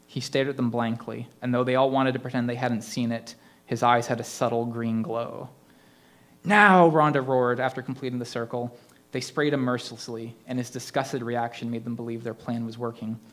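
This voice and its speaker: A man's voice: mid-range voice, level tone, a little fast. Man reading a spooky story aloud. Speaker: open mic reader.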